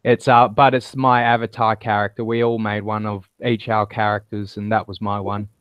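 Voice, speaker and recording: Man with a flat, smooth voice over lo-fi call audio. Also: lowish voice, moderate pace, no room sound. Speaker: guest on a group video call. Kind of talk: casual chat.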